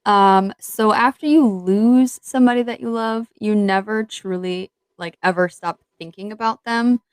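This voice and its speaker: A woman co-hosting a podcast in casual chat, speaking hesitantly with many fillers and trailing off softly. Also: medium pitch, a little slow, clean tone, no echo. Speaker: podcast co-host.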